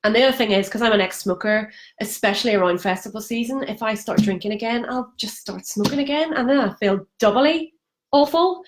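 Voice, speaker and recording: A woman's voice: on the high side, fairly quick, slight background noise, low-quality recording. Brief: woman, candid live-stream confessional, chatty and heartfelt, lots of ums. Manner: emotional, frank, chatty with many fillers. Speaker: vlogger sharing a sobriety challenge. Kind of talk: candid Facebook live monologue. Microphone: phone or webcam on a live stream.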